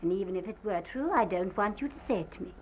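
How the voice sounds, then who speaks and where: An actress playing a distraught planter's wife who gives a halting, theatrical statement in an early sound film. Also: female voice, medium pitch, expressive, natural voice. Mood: guarded. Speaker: witness giving a statement. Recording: muffled 1929 film sound with faint hiss.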